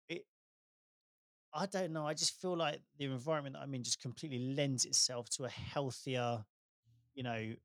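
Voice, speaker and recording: A man's voice: mid-range voice, no echo, studio quality. A man co-hosting a casual chat, speaking reflectively with lots of "you know"s and easy laughter. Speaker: podcast co-host.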